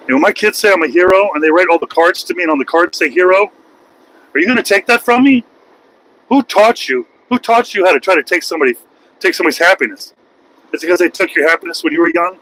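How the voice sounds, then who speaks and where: A man's voice: sits high, sharp tone, a little hiss or hum, low-quality recording. A man, a truck driver, ranting on a casual livestream from his cab while driving, crude and taunting. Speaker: truck driver streaming live.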